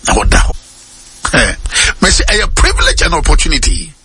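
A man hosting a radio sermon, preaching in a lively way, repeating phrases and dropping English words into his talk. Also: a little high, moderate pace, slightly rough, dry recording, soft background music.

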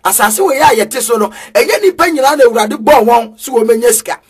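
A man preaching an energetic street sermon, chanting in a sing-song way with bursts of shouting. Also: very high voice, a little fast, breathy edge.

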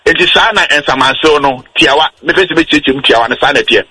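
A man on a radio talk show, patiently explaining how wills and estates work, slowing down on his key points. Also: on the high side, bright, forceful tone, slightly rough, no echo, rough recording. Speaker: legal explainer guest.

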